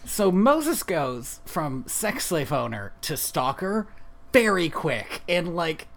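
A man's voice: fairly high pitch, very animated, slow, creaky. Wry man recapping a movie casually. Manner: wry, laughs at his own jokes, fillers. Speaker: podcast co-host.

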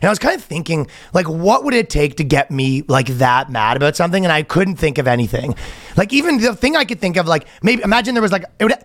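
A young man co-hosting a podcast, joking through quick banter and laughing often. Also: a little high, lively intonation, a bit bright. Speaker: podcast co-host. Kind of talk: casual chat.

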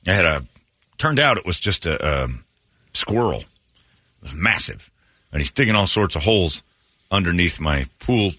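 A man's voice: sits low, bright, forceful tone, no echo, studio quality. A man hosting a morning radio show, telling rambling, joking stories in casual banter.

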